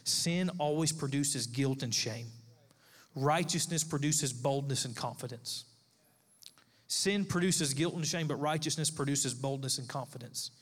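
A man's voice: mid-range voice, a little slow. A male pastor, likely in his thirties, preaching a sermon with emphatic, repeated phrases. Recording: long echo of a large hall.

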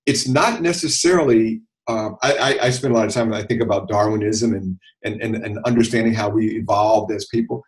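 A man, a physician guest on a podcast, speaking in a measured, thoughtful, reflective way. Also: lowish voice, poor audio. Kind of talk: reflective interview talk.

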